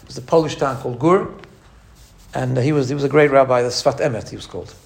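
A man teaching a lively religious lesson. He imitates sounds as he explains and often restarts his phrases. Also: medium pitch, fast talker, vocal fry. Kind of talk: teaching talk.

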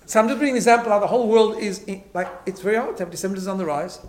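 A man's voice: high voice, racing. A man teaching a Torah class, emphatic, often repeating words and checking in with "right?". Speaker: rabbi.

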